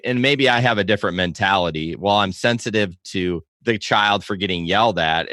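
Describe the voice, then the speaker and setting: Man from michigan, podcast guest, low voice, crisp bright tone. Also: no echo, clean studio sound. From Michigan, USA. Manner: candid, opinionated. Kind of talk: casual podcast chat.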